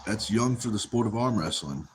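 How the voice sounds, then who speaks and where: A man's voice: on the low side, lively intonation, normal speed, noisy background. A man hosting a casual livestream, reading viewer comments aloud and answering in an easygoing way, often saying a phrase twice. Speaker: livestream host.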